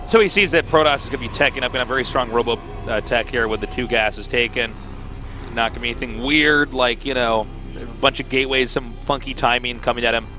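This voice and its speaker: A man's voice: medium pitch, quick pace, over music. An American man casting a live esports match, mixing chatty jokes with play-by-play analysis. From United States. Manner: chatty, jokey banter between analysis. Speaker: esports caster.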